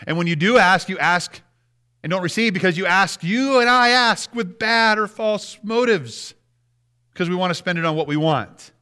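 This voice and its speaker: A man's voice: fairly high pitch, sharp tone. A man preaching a sermon as pastor, talking conversationally and asking the congregation frequent rhetorical questions.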